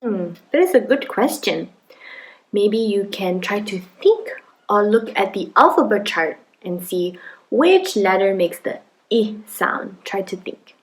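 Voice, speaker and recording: A woman playing a mother in a demonstration skit, gently coaching her child to sound out words step by step. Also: mid-range voice, lively intonation, a little slow, natural voice, low-quality recording. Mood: encouraging. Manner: gently encouraging, prompting step by step. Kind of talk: acted parenting demonstration skit.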